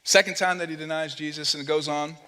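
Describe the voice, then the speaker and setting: A man, a pastor, preaching a sermon in a church, telling a story with acted-out voices and sinking low and quiet for the serious points. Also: quick pace, in a large hall. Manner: animated storytelling, acts out quoted voices, drops low and quiet for somber points. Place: church sanctuary.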